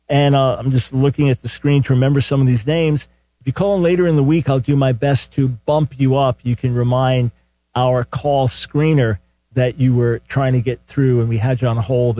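Older man, call-in radio host, mid-pitched, earnest, restarts his sentences, dry booth mic. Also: mellow, no echo. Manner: earnest, conversational, repeats words when starting sentences. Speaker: radio talk show host. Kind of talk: call-in radio Bible teaching. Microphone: studio microphone.

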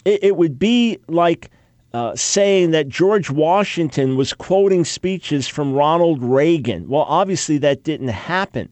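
A man's voice: a little high, animated, a little mellow, dry recording. Emphatic scholarly man, dry close sound. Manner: emphatic, quick asides with mocking quoted objections. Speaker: Bible scholar. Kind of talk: lecture-style talk.

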